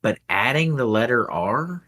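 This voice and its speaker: A man's voice: medium pitch, expressive, a little slow, bright, forceful tone. A man co-hosting a podcast, chatting casually while tasting a beer, rambling with a wry, dry humor. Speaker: podcast co-host.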